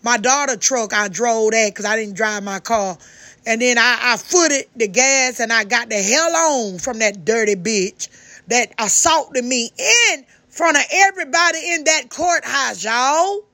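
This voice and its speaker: An older woman from Georgia, telling a heated first-person story loudly, with lots of swearing and restarts. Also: fairly high pitch, expressive, measured pace, no echo. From Georgia, United States. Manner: loud, heated, profane, many restarts. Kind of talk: angry first-person account.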